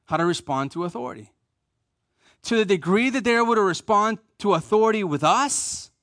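A man's voice: a little high, fairly bright tone, dry recording, clean studio sound. A man preaching a sermon, stressing key phrases by repeating them and asking the congregation to answer back. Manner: emphatic, repeats key phrases, leads the congregation in call and response. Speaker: pastor.

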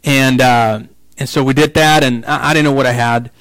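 A man preaching a sermon as pastor, moving between slow, quiet emphasis and rising, excited passages, with casual asides and repeated words. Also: mid-range voice, dry recording, rough recording.

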